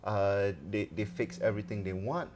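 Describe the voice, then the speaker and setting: A man's voice: on the low side, steady tone, normal speed, a loud crowd. A man being interviewed as a comedy show organizer, talking hesitantly with many fillers. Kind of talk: studio interview.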